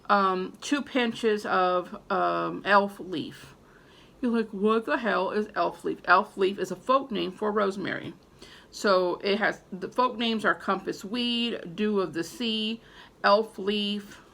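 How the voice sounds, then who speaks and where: A woman's voice: mid-range voice, creaky, a bit bright. A woman talking loosely to her viewers about growing and using herbs, rambling with many fillers and restarts. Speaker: herbalist teaching about herbs and spell work. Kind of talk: casual unscripted video talk to viewers.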